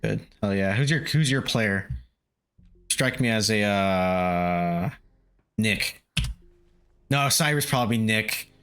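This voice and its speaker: A man's voice: on the low side, slow pace, long pauses, fairly bright tone, clear, resonant tone. A man streaming a game live, talking through it with constant swearing and panicky outbursts. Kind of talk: live gameplay commentary.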